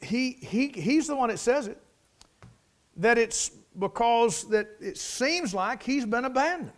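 A man preaching a sermon, leading a prayer and building emphasis through repetition. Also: high voice. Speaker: pastor.

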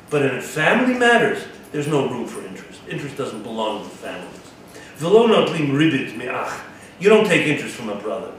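A man giving a Torah-study lesson, reading a Hebrew text aloud, translating it, and asking his listeners rhetorical questions. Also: fairly high pitch. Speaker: Torah teacher. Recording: echoey room, distant mic, faint background noise.

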